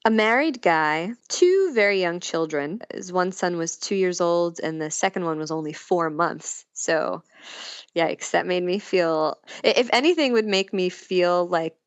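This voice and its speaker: A woman's voice: on the low side, lively intonation, unhurried, clear, resonant tone, no room sound, dull audio. A woman talking frankly and casually as a podcast guest, laughing often as she talks. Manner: frank, giggly, breaks into laughter. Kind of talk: candid casual chat.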